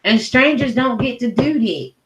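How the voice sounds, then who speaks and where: A woman's voice: fairly high pitch, lively intonation, moderate pace. Blunt, heated middle-aged woman ranting. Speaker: commentary vlogger. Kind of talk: ranting commentary. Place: at home. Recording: roomy echo.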